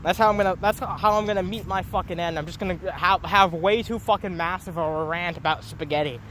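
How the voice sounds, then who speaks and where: A man's voice: high-pitched, a little fast, bright, forceful tone, a little hiss or hum. A young man ranting into his phone on a solo livestream, rambling, profane and mocking himself. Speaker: streamer.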